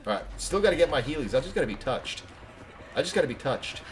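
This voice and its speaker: A man streaming a game live, chatty and excitable, talking to viewers between moves. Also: a little high, quick pace. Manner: chatty, excitable, laughs easily. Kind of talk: live gameplay commentary.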